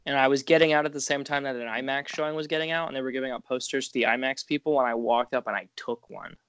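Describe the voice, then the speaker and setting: A man's voice: medium pitch, fairly even intonation, quick pace, a bit bright, clean tone. A young man co-hosting a podcast, joking in slang and often stumbling mid-sentence. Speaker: podcast co-host. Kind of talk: casual chat.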